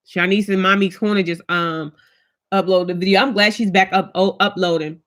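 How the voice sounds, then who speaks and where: A woman in her thirties chatting casually with her viewers as a vlogger, telling stories in an animated, colloquial way. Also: mid-range voice, moderate pace. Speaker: vlogger host.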